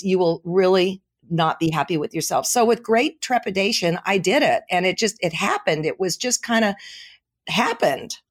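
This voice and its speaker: A middle-aged woman, a quilting author, chatting as a guest and telling stories with frequent laughs. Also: fairly low pitch. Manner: animated, laughing storyteller. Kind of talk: casual storytelling chat.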